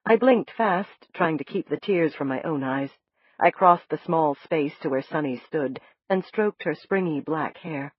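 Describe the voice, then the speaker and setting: A woman narrating a science fiction novel in the first person, in a soft, measured and emotional way. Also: low voice, slightly rough, no room sound. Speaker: audiobook narrator. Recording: dull lo-fi dry recording.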